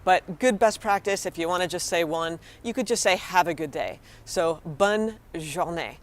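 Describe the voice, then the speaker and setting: A young American woman, a vlogger, teaches everyday French phrases in a casual vlog lesson. Her voice sits on the low side at a moderate pace, and she's chatty and encouraging, speaking directly to viewers.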